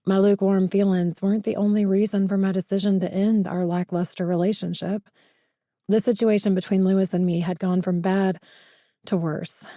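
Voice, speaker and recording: A woman narrates a first-person thriller audiobook at an even, normal pace, building suspense. Her dark, mellow voice sits at a middle pitch, recorded close and dry with no room sound.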